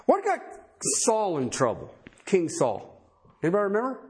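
A man's voice: sits high, wildly swooping pitch, normal speed, darkish tone. A man preaching a sermon, talking conversationally and emphatically and firing rhetorical questions at the congregation.

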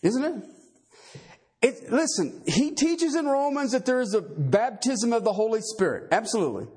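A man's voice: extremely high pitch, very animated, moderate pace, a little mellow, breathy edge. A man preaching a sermon, emphatic, quizzing his listeners with rhetorical questions and tagging points with "okay" and "all right.". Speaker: pastor.

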